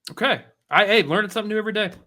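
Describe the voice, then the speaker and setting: A man's voice: sits high, racing, bright, forceful tone. Playful man joking on a podcast. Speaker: podcast co-host. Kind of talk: casual sports podcast chat.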